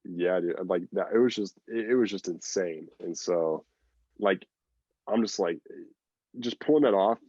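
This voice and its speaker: A man's voice: low-pitched, measured pace, dark tone, slightly rough, dry recording, muffled recording. A man guest on a podcast, telling a long story in a rambling, casual way with lots of fillers and acted-out quotes. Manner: rambling, filler-heavy, acts out quoted lines.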